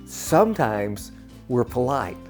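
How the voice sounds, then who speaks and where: A man telling a personal story to camera, slowly and earnestly, with many pauses and repeated words, then closing as channel host. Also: medium pitch, big pitch swings, darkish tone, faint music behind.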